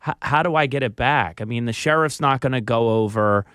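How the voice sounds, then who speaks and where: A man with a Philadelphia accent talks as a radio guest, casual and halting, filling gaps with ums. His voice is smooth and resonant, recorded dry and close in a studio. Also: medium pitch, fairly bright tone, no echo. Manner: hesitant, many ums and restarts.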